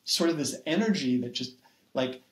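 A man who is a poet and writing coach, guest on a podcast, telling a personal story in an earnest, reflective way with many pauses and fillers. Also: on the high side, expressive. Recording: roomy echo.

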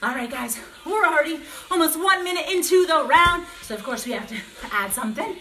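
Calling out combos for a home kickboxing workout, this woman sounds upbeat and encouraging, laughing often as she gets out of breath. Her voice sits high with a sharp tone, lively intonation and a brisk pace, in a reverberant room with a little hiss or hum and dogs barking nearby.

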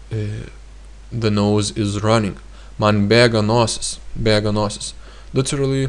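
Speaking at a fairly low pitch, a man gives a language lesson, saying each phrase over several times. His explanations are relaxed and thought out aloud, peppered with fillers.

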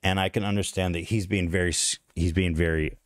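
Low-voiced guy reading texts out loud, flat and quick, dry close sound. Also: dry recording. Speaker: commentator. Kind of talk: commentary reading out text messages.

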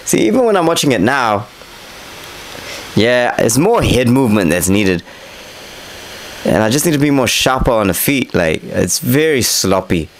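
A man's voice: mid-range voice, big pitch swings, moderate pace, pauses often, a little hiss or hum, rough recording. A young man casually narrating over footage of his own boxing fight, candid and self-critical, swearing freely. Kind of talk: casual fight breakdown commentary.

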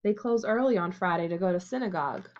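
A woman voicing a quiet, timid teenage boy who mumbles and hesitates in a storybook reading. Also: on the low side, fast talker, dull audio, natural voice. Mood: defensive.

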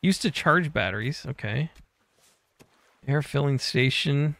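A man's voice: medium pitch, animated, measured pace, gravelly, fairly bright tone. A man streaming a co-op survival game, joking crudely with his partner and reading viewer chat aloud. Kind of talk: casual co-op gameplay chat.

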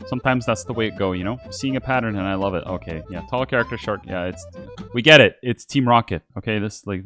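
A man doing casual commentary as a YouTuber, swearing and laughing often. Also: lowish voice. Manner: animated, swears, laughs a lot. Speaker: YouTuber reviewing memes. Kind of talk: casual commentary while gaming.

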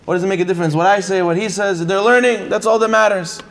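A man giving a lively sermon, telling stories and acting out the people in them with repeated phrases. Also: high voice, fast talker. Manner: animated, repetitive phrasing, acts out quoted voices. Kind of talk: sermon with storytelling.

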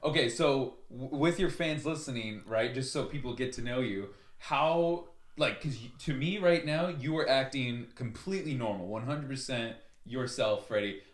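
A man's voice: medium pitch, moderate pace, few pauses. A young man hosting a podcast, chatting casually, eager and effusive, stammering over his words. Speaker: podcast host. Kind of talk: casual chat. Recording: roomy echo.

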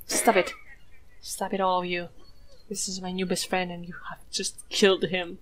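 A woman from Greece commentating a video game playthrough in a playful, jokey way, swearing, dropping to mock whispers and rising to excited squeals. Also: on the low side, moderate pace, a little hiss or hum. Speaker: gameplay streamer. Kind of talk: let's play commentary.

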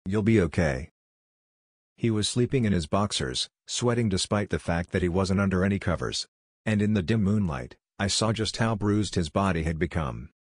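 A man narrating a first-person horror story in a measured, somber way. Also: low voice, animated, dry recording, studio quality.

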